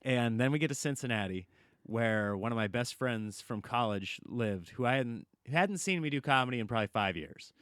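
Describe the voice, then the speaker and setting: Guy doing a comedy podcast story, really animated, dry close sound. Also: mid-range voice, normal speed, clean tone, no echo. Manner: animated storyteller, acts out quotes, laughs often. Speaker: comedian guest.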